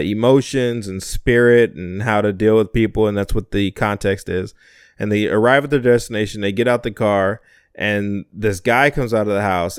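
A man's voice: fairly low pitch, clear, resonant tone, no room sound, studio quality. A young man interviewing an older relative in a casual conversation, thoughtful and rambling as he retells stories.

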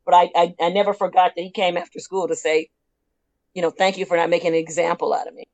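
A woman's voice: on the low side, flat delivery, quick pace, darkish tone. Reflective older woman, a teacher. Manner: reflective, self-deprecating, laughs often. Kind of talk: casual conversation.

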